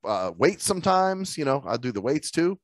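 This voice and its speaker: A man's voice: fairly high pitch, big pitch swings, normal speed, no echo. A man co-hosting a casual chat, swearing freely and laughing through his stories. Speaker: podcast co-host.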